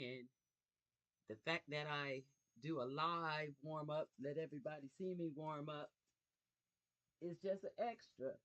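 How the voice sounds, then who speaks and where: A woman hosting a casual craft livestream from her home craft room, talking slowly and reflectively to viewers. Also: lowish voice. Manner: slow, warm, reflective talk to viewers. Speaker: YouTube craft livestream host. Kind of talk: casual live vlog chat.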